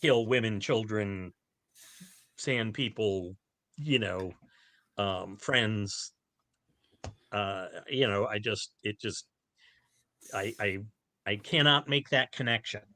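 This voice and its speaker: A man's voice: fairly low pitch, takes it slowly, pauses often, bright, forceful tone. A man co-hosting a podcast, chatting casually and animatedly about films and shows, with many restarts. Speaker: podcast co-host. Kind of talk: casual chat.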